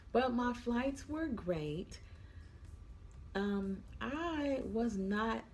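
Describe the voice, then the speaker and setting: A woman's voice: lowish voice, creaky, darkish tone, slight background noise. Tired, chatty young woman vlogger. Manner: chatty, addresses viewers as y'all, yawning. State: tired, yawning. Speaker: vlogger, flight attendant. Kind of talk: casual chat to camera.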